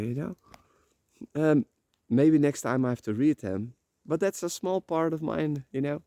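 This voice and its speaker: Brief: man, mellow low-brightness tone, rambling confessional vlogger, repeats himself, swears freely, dry close sound. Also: a little slow, no room sound. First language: Dutch. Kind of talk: emotional personal vlog monologue. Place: rented room.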